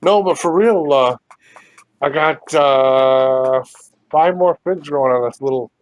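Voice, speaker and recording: A man's voice: a little high, takes it slowly. A man co-hosting a podcast, talking over a video call, laid-back, rambling and swearing casually. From United States. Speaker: podcast co-host. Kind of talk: casual chat.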